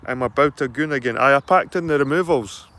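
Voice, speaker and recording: A man's voice: medium pitch, a little fast, bright, forceful tone. A middle-aged man, chatting casually and rambling to live viewers while walking round his allotment outdoors, speaking into a handheld phone. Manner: rambling, sweary, matter-of-fact. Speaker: livestreaming vlogger.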